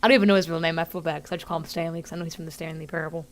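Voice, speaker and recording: A woman's voice: sits low, fairly even intonation, rapid-fire, a little hiss or hum. A woman streamer giving chatty, casual live commentary while playing a game, musing aloud.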